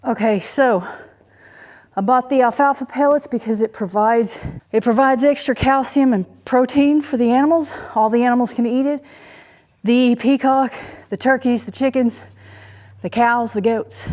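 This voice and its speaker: A woman's voice: on the high side, fairly even intonation, moderate pace, darkish tone. A woman from Oklahoma talking casually while she does farm chores, a little out of breath and rambling with many fillers. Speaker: homesteader vlogger. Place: outdoors on a farm.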